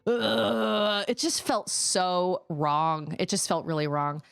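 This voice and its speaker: A woman's voice: deep voice, a little slow, clear, resonant tone. A woman gaming streamer in casual, rambling storytelling, acting out the people she quotes. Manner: animated, acts out other people's voices in quotes; chatty, rambling, with many restarts.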